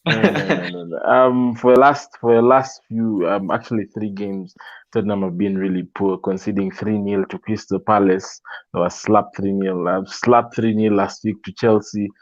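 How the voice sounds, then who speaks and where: A low-voiced man talking fantasy football on a casual panel. He laughs often and makes brash, confident predictions. His sound is dry and slightly dull. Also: normal speed, no echo.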